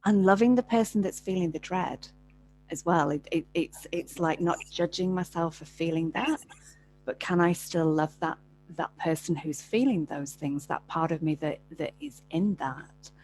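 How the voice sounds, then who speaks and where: A woman guest in a spiritual conversation over a video call, speaking gently and reflectively. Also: fairly low pitch, normal speed, slight background noise, rough recording.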